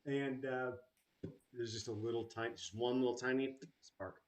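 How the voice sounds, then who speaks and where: A man narrating a tabletop game as game master, halting, with many fillers. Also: medium pitch, fairly even intonation.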